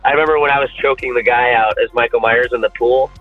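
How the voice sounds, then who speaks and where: A man chatting casually as a podcast guest, rambling and animated, swearing freely with lots of restarts. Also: medium pitch, fast, soft background music. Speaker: podcast guest and fan-film actor. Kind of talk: casual chat. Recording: tinny phone-like line.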